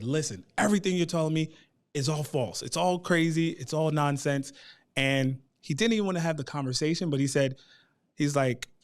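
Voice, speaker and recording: A man in his thirties as a guest, telling a personal family story in a lively way and acting out the voices of the people he quotes. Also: on the high side. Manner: animated, acts out quoted voices.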